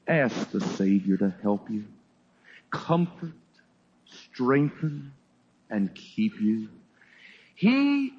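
At a church service, a male preacher with a husky, mid-range voice tells a story dramatically in his sermon. He swings from loud exclaims to hushed words, heard on a dull lo-fi recording.

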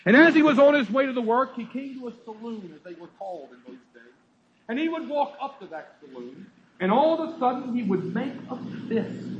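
A male preacher delivering a sermon at a church service, telling a story dramatically and swinging from loud exclaims to hushed words. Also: very high voice, sing-song, brisk. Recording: dull lo-fi sermon recording.

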